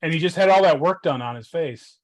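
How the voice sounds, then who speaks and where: Guy with a higher voice cracking deadpan jokes in a comic review chat. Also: brisk. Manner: deadpan, sarcastic quips. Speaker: guest reviewer.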